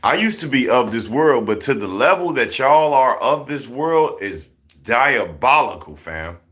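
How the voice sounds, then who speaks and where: Animated man preaching at his viewers. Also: mid-range voice, unhurried. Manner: animated, repetitive, rhetorical questions. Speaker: commentary vlogger. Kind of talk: casual preachy commentary.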